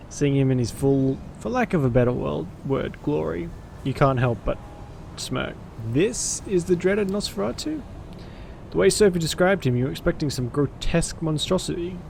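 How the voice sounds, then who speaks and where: A man's voice: on the high side, vocal fry, a little mellow, slight background noise. A man streaming a story game, reading its narration aloud with dramatic flair and breaking off for cursing asides.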